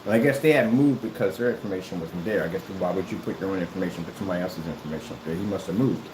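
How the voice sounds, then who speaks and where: A man's voice: deep voice, rapid-fire, roomy sound, background noise. Combative, mocking man ranting. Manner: repeats himself often. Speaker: YouTuber. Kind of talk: ranting callout video.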